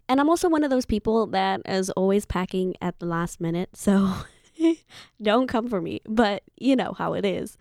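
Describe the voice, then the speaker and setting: A young woman in her twenties from Zimbabwe tells a personal story in a chatty, playful way, often turning to the listener with asides. Her voice sits at a middling pitch. It is recorded close and dry, with no room echo. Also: a little mellow. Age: 20s. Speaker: vlogger. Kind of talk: casual storytelling.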